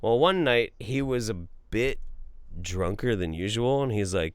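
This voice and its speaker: A young man hosting a podcast, telling a story in casual chat, loose and profane, doing quick voices for the people he quotes. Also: mid-range voice, a bit bright, clean tone, no room sound, clean studio sound. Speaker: podcast host.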